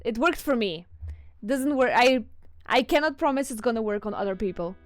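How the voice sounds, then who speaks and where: A woman's voice: on the high side, lively intonation, moderate pace, dry recording. A woman streamer with a non-native English accent, chatting casually with her viewers, giggling often as she reads chat. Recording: faint music behind.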